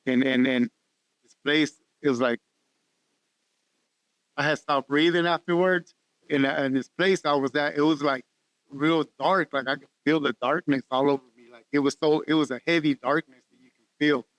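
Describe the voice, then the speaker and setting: A man telling a personal testimony in conversation, halting and earnest, often repeating words. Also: on the high side, steady tone, fairly bright tone, no echo. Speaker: guest sharing testimony. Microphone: podcast studio mic.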